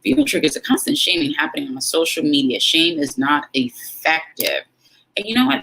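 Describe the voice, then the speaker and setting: Bright, forceful woman telling a story. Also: low-pitched, very animated, fairly quick, vocal fry, a little hiss or hum, rough recording. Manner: dramatic, emphatic, acts out quotes. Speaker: vlog host. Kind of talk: animated storytelling vlog.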